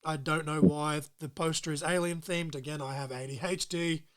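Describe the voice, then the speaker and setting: A young man hosts a casual podcast interview. His voice sits a touch high, and he rambles, laughs a lot and swears freely. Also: steady tone, normal speed. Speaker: podcast host.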